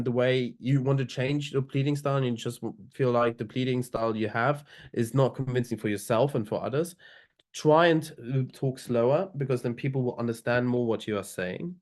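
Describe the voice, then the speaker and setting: A man's voice: mid-range voice, a little mellow. Man lecturing with many ums. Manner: loose, filler-heavy delivery, slowing down to demonstrate. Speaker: lecturer on oral advocacy. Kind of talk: online seminar lecture.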